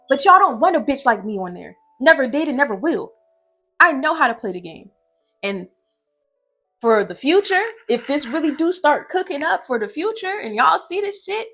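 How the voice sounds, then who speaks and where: A woman's voice: sits high, very animated, normal speed, fairly bright tone. A young woman commentator ranting brashly and profanely from her own room at home, with faint music behind her. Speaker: online commentator. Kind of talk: heated reaction commentary.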